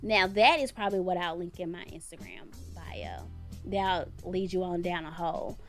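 A woman's voice: fairly low pitch, animated, moderate pace, faint music behind. A woman co-hosting a casual talk show, giving outspoken, opinionated commentary with blunt language. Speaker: podcast co-host.

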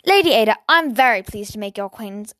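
A woman's voice: medium pitch, animated, fast, sharp tone. A woman reading the lines of a polite, eager young girl in a storybook, formal and earnest.

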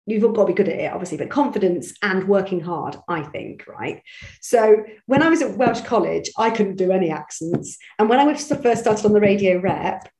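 A woman's voice: medium pitch, animated, normal speed, warm tone. A woman from Bristol, a voice actress chatting in an interview with many restarts and self-deprecating asides. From Bristol, England. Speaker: voice actress guest. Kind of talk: casual interview chat. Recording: echoey room.

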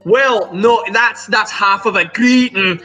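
Brief: a big-hearted, loud-welcoming sailor played by a man, faint music behind. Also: sits high, slow, pitched above the performer's own voice, exaggerated voice. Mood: hearty. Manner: boisterous, hospitable. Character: hearty, welcoming male ship crewman.

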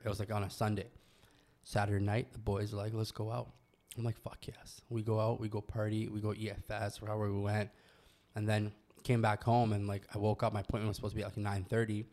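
A man's voice: lowish voice, little pitch movement, fast talker, darkish tone. A young man from Canada telling a personal story in casual podcast chat, loose and full of slang and swearing. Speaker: guest telling his story.

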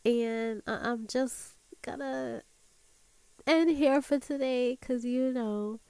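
Brief: woman host, heartfelt talk, slow unhurried delivery, dry close sound. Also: on the high side, darkish tone, smooth, no room sound, poor audio. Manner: earnest, preachy, building to emphatic peaks. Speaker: podcast host. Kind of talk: casual heartfelt monologue.

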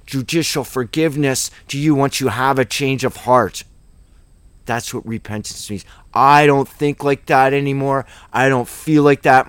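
A man's voice: mid-range voice, dry recording. A man teaching a Bible study in an informal, rambling, emphatic way, full of asides and rhetorical questions.

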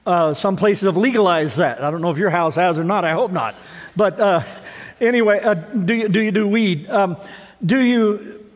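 A pastor with a notably high voice for a man delivers a conversational sermon in church, throwing out rhetorical questions and frequently tripping back over his words. Each phrase trails off into the sanctuary's long reverb.

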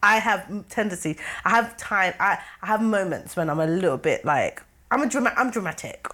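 A young woman co-hosting a casual couples' podcast, animated and laughing often as she acts out scenes. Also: medium pitch, brisk. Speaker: podcast co-host.

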